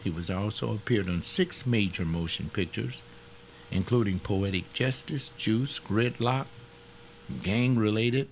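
A man's voice: lowish voice, unhurried, slight background noise. A man who leads Bible studies, speaking informally in a blunt, emphatic, rambling way. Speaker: Bible study teacher. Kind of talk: informal teaching talk.

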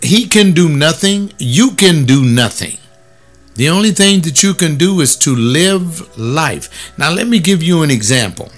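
A man's voice: on the high side, lively intonation. A man critiques a clip in an emphatic, preachy voice. He speeds through asides and then drags out key words for weight. Faint music sits under his talk. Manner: emphatic, preachy, scornful, swings between quick asides and slow stressed words. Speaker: commentator critiquing a video. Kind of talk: scornful commentary.

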